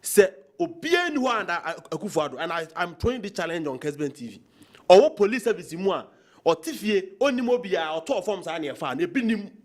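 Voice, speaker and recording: A Ghanaian man argues politics with rising passion, switching between Twi and English. His voice sits high and swings widely in pitch. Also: sing-song, a little fast. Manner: impassioned, mixes Twi and English. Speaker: political talk show guest. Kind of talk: heated political talk.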